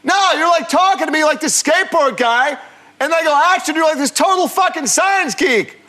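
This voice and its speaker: A brash, shouting film director bursts out in a voice far higher than the speaker's own, loud and incredulous, as a man mimics him in an anecdote. The yelling is sharp and demanding. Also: lively intonation, normal speed, background noise.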